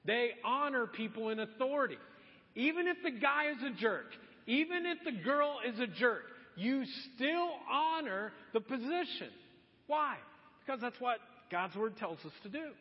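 A very high-pitched man preaching in a church sanctuary, chatty and animated as he plays out little scenes. His voice rings with a long hall echo, and the recording sounds muffled. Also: moderate pace. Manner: animated, conversational preaching with acted-out quotes. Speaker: pastor. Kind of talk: sermon.

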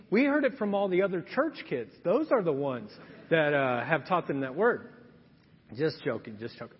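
A man's voice: fairly high pitch, big pitch swings, moderate pace, breathy edge. A man in his thirties, a pastor, preaching a sermon with playful asides and acted-out stories. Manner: storytelling with acted-out quotes, humorous asides. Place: church sanctuary. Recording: dull lo-fi sound with long hall reverb.

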